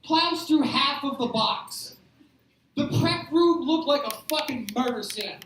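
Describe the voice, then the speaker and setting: Bright, profane male stand-up comic. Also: very high-pitched, unhurried. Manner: profane, rambling and animated. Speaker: stand-up comedian. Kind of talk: stand-up storytelling. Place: live comedy show at a beer garden. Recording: echoey room picked up from a distance.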